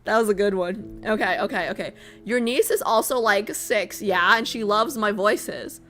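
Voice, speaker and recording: A woman's voice: mid-range voice, normal speed, fairly bright tone, soft background music. A woman streamer chatting playfully with her viewers and reading a game story aloud. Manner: chatty and playful, teasing herself and her chat.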